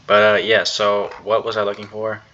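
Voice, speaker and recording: A man's voice: lowish voice, flat delivery, normal speed, sharp tone. A young man giving a casual, rambling recap of his trading day at his computer, full of fillers and slang. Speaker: day trader. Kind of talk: casual screen-recorded trade recap. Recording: slightly dull, faint background noise.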